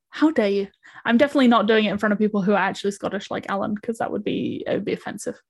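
A woman's voice: medium pitch, fairly even intonation, rapid-fire, creaky, slightly rough, dry recording. Chatty young woman co-host. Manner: chatty, laughs often, many fillers. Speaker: podcast co-creator. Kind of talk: casual chat.

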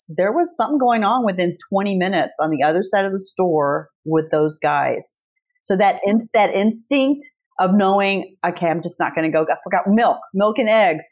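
A woman's voice: fairly low pitch, normal speed, highs cut off. A middle-aged woman guest author chatting casually, telling stories with energy and swearing freely. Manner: animated storyteller, swears freely. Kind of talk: casual chat.

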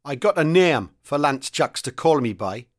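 A man's voice: fairly high pitch, expressive, moderate pace, natural voice. Man doing a sour, grumbling young soldier. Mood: sullen. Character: sullen young male soldier, insolent.

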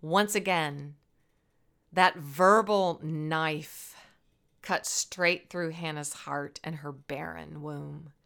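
A woman's voice: deep voice, steady tone, extremely slow, gravelly, fairly bright tone. A woman telling a Bible story as a lesson in a playful, dramatic way. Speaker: Bible teacher.

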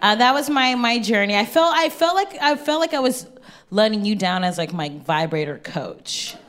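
A woman's voice: fairly high pitch, animated, a bit bright. A woman co-hosting a comedy show, chatting casually on stage and laughing often. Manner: laughs often, drawn-out fillers.

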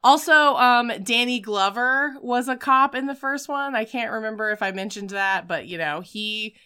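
A woman hosting a casual chat, recapping a film in an animated storytelling way and acting out scenes with shouts. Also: fairly high pitch, normal speed, clear, resonant tone. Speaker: podcast host recapping films.

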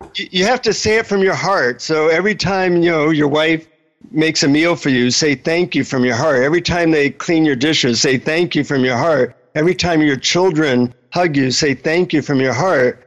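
A man who is a relationship author, talking as an interview guest and telling a story in a friendly, animated way. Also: fairly high pitch, moderate pace, highs cut off.

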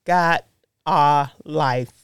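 A woman's voice: sits low, drawn-out words, smooth. A woman co-hosting a podcast, telling stories in a casual, slangy way. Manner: animated storytelling, slangy. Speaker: podcast co-host. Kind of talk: casual chat.

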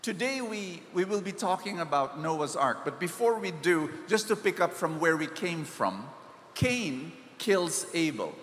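A Filipino-accented man preaches a sermon, telling his story at a slow, deliberate pace and building to emphatic peaks. His voice sits a little high. He is heard in a large hall with a long echo and faint room noise. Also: big pitch swings, fairly bright tone. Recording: echoey hall, faint ambience.

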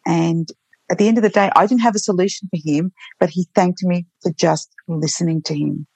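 A woman's voice: lowish voice, steady tone, a little fast, gravelly, darkish tone, husky, dry recording. A woman who works as a nurse, telling heartfelt stories from her work in an earnest, reflective way with frequent restarts. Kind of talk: reflective storytelling interview.

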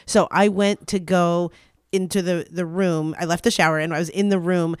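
A man with a high voice chats casually in a dry, close room, telling an embarrassing story with lots of "like" and bursts of laughter. He talks in an animated, rambling way. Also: moderate pace, clean tone, no echo. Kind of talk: casual chat.

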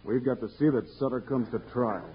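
An actor playing a steady, level-headed frontier marshal who speaks calmly and firmly, in a 1950s radio western. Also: male voice, medium pitch, fairly quick, dull audio, natural voice. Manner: calm, firm, commanding. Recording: hissy 1950s radio broadcast.

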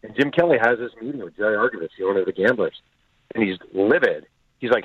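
A man's voice: on the low side, brisk, dry recording. A man, the author being interviewed, telling stories with energy and acting out the quotes of the people in them. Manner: animated storyteller acting out quotes. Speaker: author and guest. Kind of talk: storytelling interview answers. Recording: tinny phone-line audio, dry.

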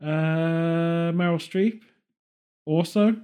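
A man's voice: on the high side, drawn-out words, a little mellow, clear, resonant tone. An English man hosting a podcast, chatting casually with rambling, playful jokes and tangents. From England. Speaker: podcast host.

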